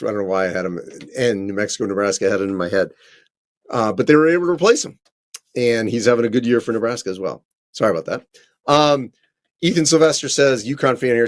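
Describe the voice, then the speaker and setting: A man working as a college basketball correspondent, answering viewer questions on a live stream in a conversational way, with frequent ums and quick self-corrections. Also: mid-range voice.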